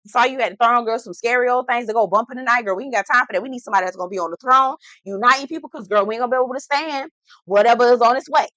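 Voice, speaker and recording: A woman's voice: on the high side, racing, sharp tone, no echo, poor audio. A woman voicing a weary man prince who pleads and keeps saying "girl". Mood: resigned. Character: weary male prince yielding his claim.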